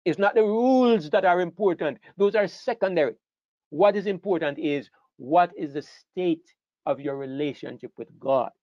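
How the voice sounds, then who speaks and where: A man's voice: high-pitched, normal speed, a little mellow, no echo. A man preaching a sermon, emphatic and repetitive, asking questions and answering them himself. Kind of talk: sermon lecture. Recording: dull lo-fi sound, dry.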